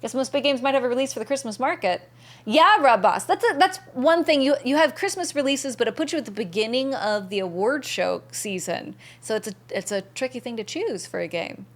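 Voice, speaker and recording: A woman's voice: a little high, expressive, a little fast. A young woman streaming a game, chatting casually and bubbly with viewers and thanking them by name.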